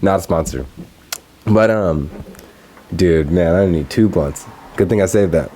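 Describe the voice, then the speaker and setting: A man's voice: low-pitched, a little slow, slight background noise. A young man in his twenties from Texas, hosting a casual solo podcast, ranting with lots of swearing and laughing often. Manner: profane, animated, laughs often. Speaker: podcast host.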